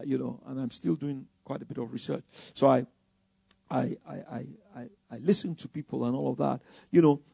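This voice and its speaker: Gravelly preacher, fired-up sermon. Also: male voice, fairly high pitch, no echo, studio quality. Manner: animated, rhetorical questions, repeats words.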